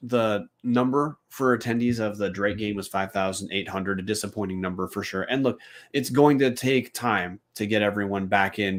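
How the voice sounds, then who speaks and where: A man with a fairly low voice co-hosting a sports podcast. He works through the numbers in a blunt, casual way and drops in the odd curse. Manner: analytical, blunt, casual swearing. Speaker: podcast co-host.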